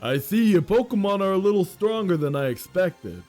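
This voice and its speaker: A man's voice: high voice, animated, moderate pace, darkish tone, soft background music. A man voicing a composed, courteous male gang trainer in a polite, slightly formal way.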